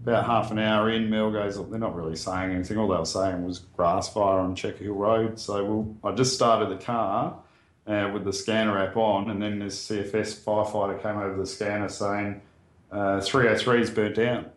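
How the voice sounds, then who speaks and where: An Australian man speaks in a plain, earnest, conversational way, often pausing with ums and restarting sentences. His voice sits a little low, and the room around him rings with echo. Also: flat delivery. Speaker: guest sharing a bushfire story. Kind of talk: casual spoken recollection. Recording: roomy echo.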